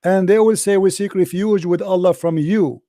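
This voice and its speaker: Man, high voice, dry close sound, combative debater, mocking, repeats phrases. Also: steady tone, normal speed, mellow, no echo. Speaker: debate host. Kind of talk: heated religious debate.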